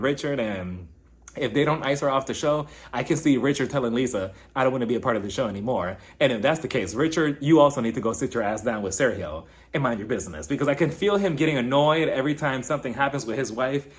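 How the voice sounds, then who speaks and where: A man hosting a casual reality TV recap, talking in an animated way and now and then jumping high to mimic the cast. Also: fairly quick. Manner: animated, shifts into high-pitched impressions when quoting. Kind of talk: casual commentary.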